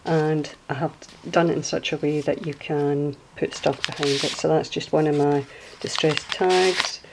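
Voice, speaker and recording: A woman's voice: deep voice, fairly even intonation, measured pace, vocal fry, background noise. A Scottish woman hosting her craft channel, walking through a project at home in a chatty, rambling way. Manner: chatty, rambling, homely asides. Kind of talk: casual craft walkthrough. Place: at home indoors.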